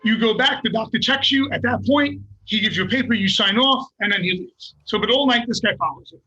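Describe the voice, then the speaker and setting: An older man tells a story with animated, profane energy. His voice sits high and bright, with a husky edge to it. He talks in loose, chatty bursts. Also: brisk, highs cut off, soft background music. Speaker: guest fighter. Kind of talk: casual storytelling.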